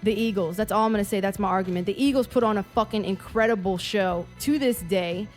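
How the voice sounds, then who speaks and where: A woman's voice: mid-range voice, fast talker, faint music behind. A woman co-hosting a podcast in casual chat, telling a story with lots of profanity. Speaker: podcast co-host.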